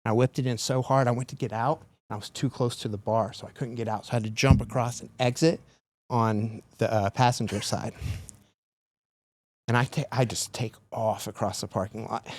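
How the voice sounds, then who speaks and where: A man's voice: medium pitch, fairly even intonation, normal speed. A man on a podcast, casually telling a long story full of "like" fillers. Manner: rambling, filler-heavy retelling with lots of "like". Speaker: podcast guest.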